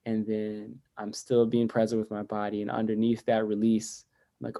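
A man, a poet and educator, speaking reflectively as a guest in a podcast interview, with many "like" fillers and a voice that drops soft and quiet when he turns inward. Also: on the low side, level tone, moderate pace.

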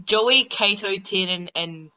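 A man's voice: high voice, slow pace, pushed and bright, low-quality recording. A teenage boy, joking rowdily with friends on a group voice call. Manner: rowdy, joking, laughs often. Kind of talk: casual chat.

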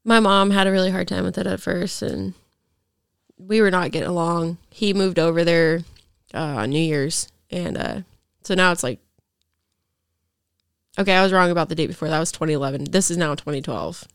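A woman's voice: fairly low pitch, moderate pace, creaky, long pauses, smooth, no room sound, clean studio sound. A young woman, a podcast guest, rambling through a personal story with lots of fillers.

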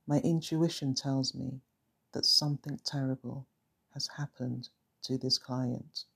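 A narrator reading a first-person story in a calm, measured, reflective way. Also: mid-range voice, vocal fry, slightly rough.

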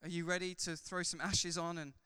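A man who is a pastor, preaching a sermon in a church hall, swinging from loud fervor to soft, chatty asides. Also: fairly high pitch, little pitch movement, fairly quick, smooth. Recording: long hall reverb.

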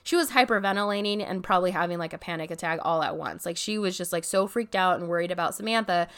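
A woman's voice: on the low side, fast talker, fairly bright tone, smooth. A woman casually telling a story from her apartment, chatty, dropping "like" constantly and swearing now and then. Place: home apartment.

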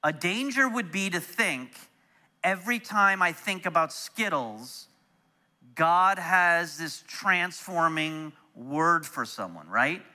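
A middle-aged man preaching, telling a personal story in an animated way that turns soft and quiet when he is moved. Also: fairly high pitch, slow pace. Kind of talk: storytelling sermon.

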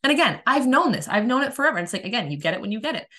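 A woman's voice: big pitch swings, bright, forceful tone. A woman who works as an energy healer, talking candidly in a casual personal monologue. She is emphatic, swears freely and restarts her sentences often. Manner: rises high and fast when acting out her past frustration.

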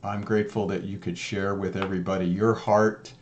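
A man's voice: sits low, little pitch movement, a little fast, dull audio, crowd noise. A man hosting a casual chat, speaking sincerely and gratefully. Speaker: host.

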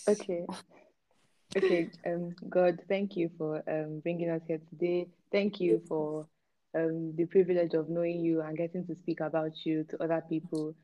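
A young woman podcast guest speaking softly and hesitantly, with many "um"s as she prays. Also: low voice, little pitch movement, normal speed, poor audio. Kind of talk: casual chat and spoken prayer.

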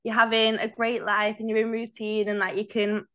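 A woman's voice: a little high, completely flat delivery, normal speed, fairly bright tone. A young woman co-hosts a casual podcast chat. She talks freely and laughs easily. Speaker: podcast co-host.

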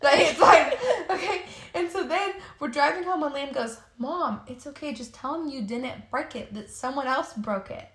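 A woman's voice: sits high, normal speed, hardly any pauses, fairly bright tone. A woman in her thirties, hosting a podcast, telling a story in casual chat, swearing often and laughing as she talks. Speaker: podcast co-host. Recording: echoey room.

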